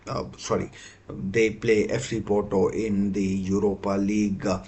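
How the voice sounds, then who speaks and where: A man's voice: on the low side, little pitch movement, measured pace, darkish tone. A man hosting a live football watchalong stream, talking casually with many fillers and self-corrections.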